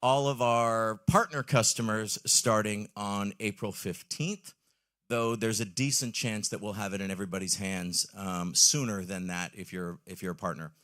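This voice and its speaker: A man's voice: on the low side, steady tone, normal speed, a bit bright. A man giving an enthusiastic live product presentation on a trade-show stage, with frequent ums and questions to the audience.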